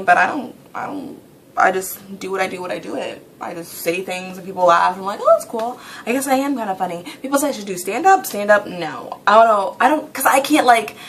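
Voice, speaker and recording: Teen girl vlogger, bright tense tone, rambling, fed-up, laughs a lot. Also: mid-range voice, slight background noise. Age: teens. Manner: rambling, exasperated, laughs often. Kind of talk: casual vlog rant.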